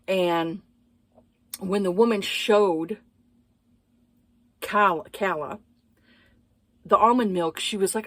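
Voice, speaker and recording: A woman's voice: mid-range voice, slow, pauses often, a bit bright, dry recording. A woman giving a casual book review, blunt and profane, exasperated, with lots of hesitant fillers.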